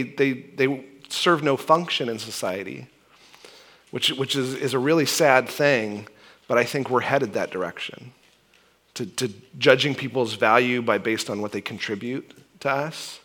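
A male pastor preaching a sermon in a conversational, animated way, often asking "right?" and restarting his phrases. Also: mid-range voice.

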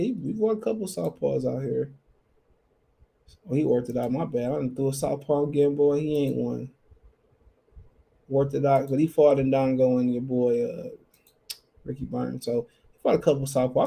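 Gravelly, dark-voiced man chatting boxing. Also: mid-range voice. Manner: loose, slangy, thinks aloud. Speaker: podcast host. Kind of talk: casual solo boxing talk.

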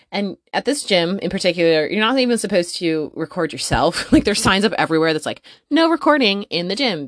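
A woman hosting a podcast from her closet, telling a story in a casual, profane, animated way and laughing often. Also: low voice, no echo, clean studio sound. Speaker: podcast host. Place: home closet.

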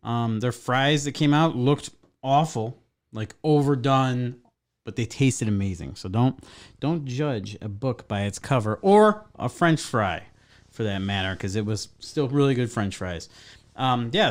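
A man's voice: mid-range voice, very animated, measured pace. A man co-hosting a podcast in casual chat, joking crudely and swearing freely. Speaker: podcast co-host.

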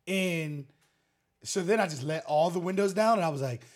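A man's voice: a little high, moderate pace. A man co-hosting a podcast, telling stories energetically in casual chat, laughing often. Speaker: podcast co-host.

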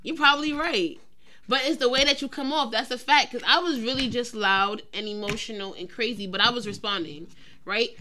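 A young woman co-hosting a relaxed podcast conversation, slightly high and strikingly bright in tone. She tells stories animatedly and slips into quick acted-out quotes of other people. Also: a little hiss or hum. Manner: animated storyteller who acts out quotes. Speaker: podcast co-host. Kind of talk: casual chat.

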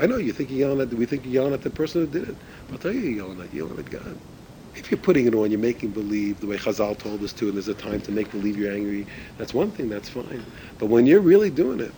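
Male torah teacher, middle pitch, conversational, rhetorical questions, faint noise. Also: creaky, dark tone, low-quality recording. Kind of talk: religious ethics class.

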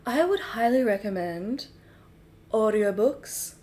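A woman voicing a wise male gibbon in improvised comedy, giving slow, soothing advice. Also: a little high, expressive, darkish tone. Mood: calm. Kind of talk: improvised comedy role-play.

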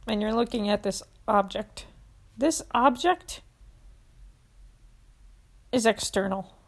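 A woman's voice: on the high side, slow pace, pauses often. A young woman hosting a podcast, earnestly guiding listeners through a self-help exercise and getting emotional at times. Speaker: podcast host.

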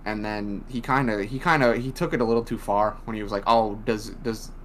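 A young man co-hosting a podcast rambles through a casual wrestling recap, blunt and full of profanity. He talks fast, his voice fairly low-pitched yet a bit bright. A faint hum sits in the background.

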